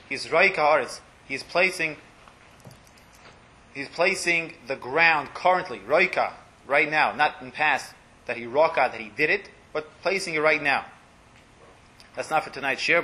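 A man leads a small religious class, stepping through blessings and translating each one. His voice is bright and a little higher than most men's, and he often sinks into a soft, trailing murmur as he explains. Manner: explanatory, translating Hebrew phrases line by line, often trails off quietly. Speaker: Torah class teacher.

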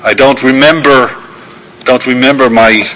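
Over a rough recording, a mid-range male voice comes through bright and forceful, with fairly even intonation and a measured pace. He is an older rabbi and guest lecturer, acting out the characters of a self-deprecating anecdote in a sermon-style talk.

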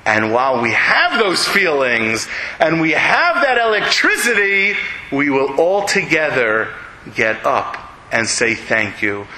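A man giving an inspirational sermon, telling a story with animated build-ups to emphatic peaks. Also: medium pitch, a little hiss or hum, low-quality recording. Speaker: speaker at a community event.

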